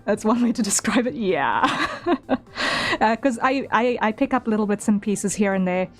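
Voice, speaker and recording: A woman's voice: medium pitch, expressive, moderate pace. A woman with a South African accent blended with British, chatting casually on a livestream while she draws, laughing often and making self-deprecating asides. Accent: South African mixed with British. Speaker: artist streamer. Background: faint background music.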